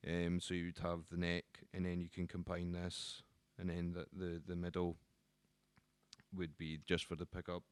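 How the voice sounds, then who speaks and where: A man who works as a guitar teacher, explaining the instrument in a relaxed, casual way with frequent ums and restarts. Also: sits low, moderate pace, clear, resonant tone, no echo.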